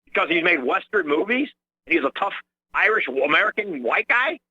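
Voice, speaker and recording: Ranting male caller, lively and indignant. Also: high voice, a little fast, vocal fry, breathy edge. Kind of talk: call-in radio talk. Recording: dry muffled phone line.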